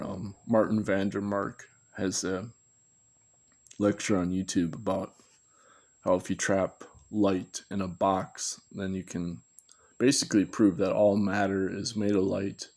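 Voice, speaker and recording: A man's voice: low voice, flat delivery, slow pace, a little mellow. A man giving a rambling, unscripted commentary, thinking aloud and correcting himself as he goes. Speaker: video commentator.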